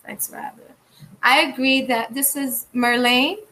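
A woman's voice: sits high, steady tone, a little slow, pushed and bright. A woman co-hosting a casual talk show, speaking frankly and reading viewer comments aloud. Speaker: podcast co-host and blogger. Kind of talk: candid casual chat.

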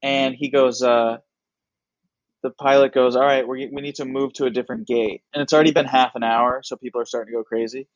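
A man telling a lively, animated story in casual chat, slipping into the voices of the people in it. His voice sits at a middle pitch. The sound is dry and close, with no room echo. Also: brisk, dull audio. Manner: animated, acts out other people's lines. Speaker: comedian guest.

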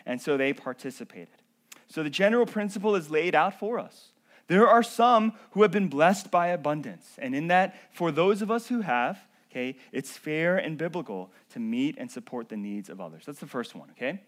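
A male pastor preaches in a conversational style, checking in with his congregation through "okay?" and "right?" before building to emphatic, drawn-out peaks. His voice sits a little high, with lively intonation and a fairly bright tone.

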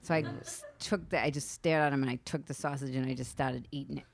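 A woman's voice: rumbling low, fairly even intonation, fast, vocal fry, crowd noise. A woman from the area, telling a wild story on a podcast in a brash, swearing way full of "like". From Boston area. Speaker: guest comedian.

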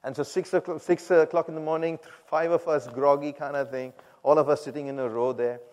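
A man with a slightly high voice tells his personal story to a congregation in a lively, animated way. He acts out the voices of the people in his story and laughs at himself now and then. His voice rings with a long hall reverb. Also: fairly quick. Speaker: speaker giving a personal testimony.

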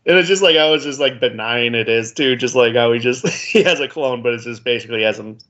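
A man's voice: medium pitch, fast, fairly bright tone, lo-fi sound. A man in his forties co-hosting a casual podcast chat, rambling with many "like"s and chuckling. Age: 40s. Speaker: podcast co-host.

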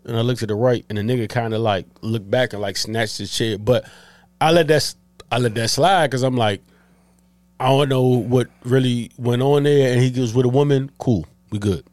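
A young man co-hosting a podcast, telling an animated story in casual chat, swearing freely. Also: mid-range voice, normal speed, no echo. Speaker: podcast co-host.

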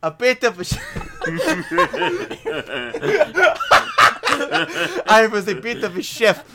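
A man's voice: high-pitched, a little fast, heavy background noise. A man playing a tabletop game, arguing in character and often breaking into laughter. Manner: argumentative, laughing. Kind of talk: in-character role-play.

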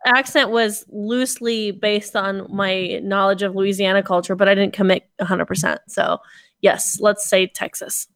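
A woman's voice: medium pitch, steady tone, normal speed, gravelly, a bit bright, no room sound, studio quality. A woman in casual podcast chat, wry and blunt, swearing offhandedly. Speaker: podcast co-host.

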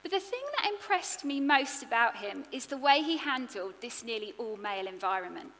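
A woman preaching a sermon, earnest and expressive, building her points in rhythmic lists. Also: on the high side, moderate pace, in a large hall.

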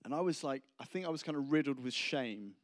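A man's voice: mid-range voice, animated, brisk. A man preaching a casual, humorous sermon, rambling and self-deprecating between anecdotes.

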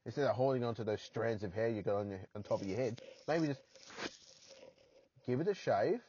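A man's voice: mid-range voice, lively intonation, fairly quick, dark tone, dull audio, a little hiss or hum. An Australian man hosting a solo podcast from his parked car, rambling and poking fun at himself with crude jokes. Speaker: podcast host.

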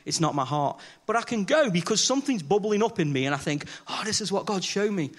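Preacher guy, high voice, bouncy and animated, joking with the congregation. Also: a little fast. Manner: chatty, self-deprecating, acts out dialogue with the congregation. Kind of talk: conversational sermon with humorous stories. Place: church before a congregation.

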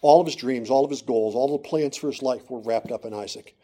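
A middle-aged man preaching a sermon, moving from quiet storytelling to loud, emphatic declarations. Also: medium pitch, fairly quick.

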